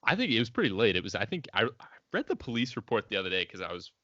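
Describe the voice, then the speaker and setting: A man's voice: lowish voice, big pitch swings, racing, a bit bright, dry recording. A young man co-hosting a casual podcast, laid-back and joking as he starts his story. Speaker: podcast co-host. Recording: dry, dull lo-fi audio.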